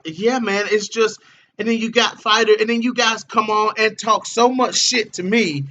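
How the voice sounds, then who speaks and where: Male livestream host, higher bright voice, blunt and profane, fired-up rant. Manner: blunt, profane, repeats himself. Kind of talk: casual livestream commentary.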